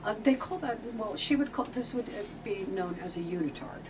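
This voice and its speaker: A woman in her late sixties, a guest telling chatty, animated stories about her past work. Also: mid-range voice, a little fast, crowd noise. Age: 60s. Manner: chatty, animated, acts out quoted voices. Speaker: interview guest, former visual merchandiser. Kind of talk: casual storytelling chat. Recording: distant mic with clear background noise.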